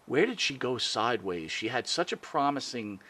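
A man's voice: medium pitch, sing-song, normal speed, sharp tone. A man hosting an interview, asking long, hesitant questions. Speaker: podcast host.

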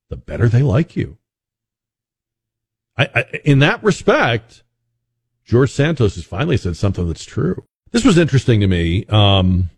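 A man's voice: medium pitch, a little mellow, breathy edge, no echo, clean studio sound. A man hosting a call-in radio talk show, musing conversationally with frequent restarts and fillers.

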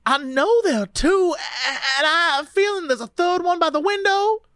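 A woman voicing a scared young woman with a Louisiana accent, reliving a night under hypnosis. She stammers, halts and repeats herself, her voice swooping high and low in a dry, close sound. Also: animated, a bit bright, no echo. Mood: uneasy. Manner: halting, stammering, breathless recounting.

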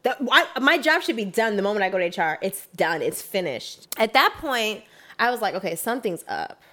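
A young woman telling a work story in casual chat, emphatic and animated, acting out what she and others said. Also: mid-range voice, normal speed.

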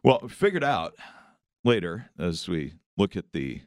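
A man hosts a casual morning chat, recounting a story in a low voice that swings up and down with animation. He hesitates and restarts often. The sound is close and dry. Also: big pitch swings, a little slow, darkish tone, no room sound. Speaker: morning show host.

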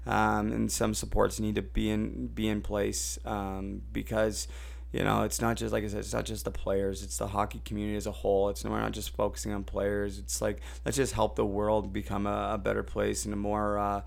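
A Canadian man hosting a casual chat, talking in an animated way and getting louder when he makes a point. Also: fairly low pitch, normal speed, gravelly. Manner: animated, rises and gets loud when making a point. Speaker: host.

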